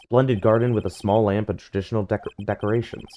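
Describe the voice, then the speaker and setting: A man's voice: on the low side, steady tone, quick pace, dark tone. A man reading game dialogue aloud in a dry, wry tone during a playthrough.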